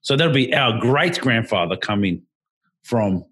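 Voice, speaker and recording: Husky man, rambling chat. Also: mid-range voice, unhurried. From Australia. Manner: animated, rambling, many restarts. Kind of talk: casual podcast chat.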